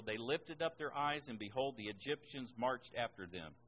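Preaching at a middle pitch, a man reads scripture aloud between his own points, stressing key words by pushing his voice high and loud before easing back. His intonation is lively and his pace moderate, while the rough recording carries a faint hiss.

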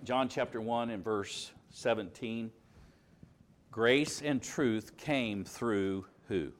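A man's voice: on the low side, slight background noise. Emphatic Southern man preaching. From Alabama, US. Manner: emphatic, rises and drops for stress, slows on key words. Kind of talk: sermon.

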